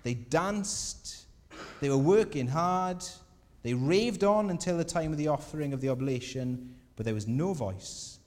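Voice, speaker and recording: A man preaching a sermon, telling a scripture story with lively voices for the people in it. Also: fairly high pitch, a little slow. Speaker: pastor. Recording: long hall reverb.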